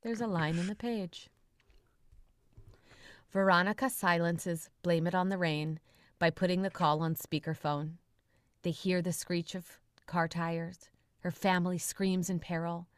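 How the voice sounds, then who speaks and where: A woman reading a comedy story chapter aloud on a podcast, animated and quick to laugh, doing voices for the characters. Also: fairly low pitch, no room sound.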